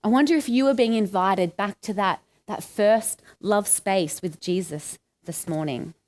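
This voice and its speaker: A woman's voice: medium pitch, a little slow, a little mellow. An Australian woman giving a conversational sermon, asking her listeners questions and acting out the lines she quotes. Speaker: preacher.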